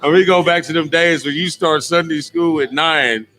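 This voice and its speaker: A man's voice: on the high side, normal speed, sharp tone. A man co-hosting a live sports talk show from a tavern, bantering and laughing often. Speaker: co-host.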